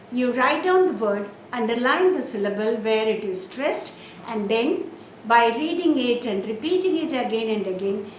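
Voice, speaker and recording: A woman teaching English pronunciation, explaining slowly and carefully and stretching out example words to show where the stress falls. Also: on the high side. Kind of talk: slow, deliberate classroom explanation. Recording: roomy echo, faint background noise.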